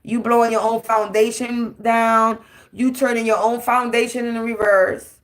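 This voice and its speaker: A woman's voice: a little high, level tone, normal speed. A woman, giving a brash, profane, taunting spiritual tarot monologue. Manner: taunting, repetitive, defiant.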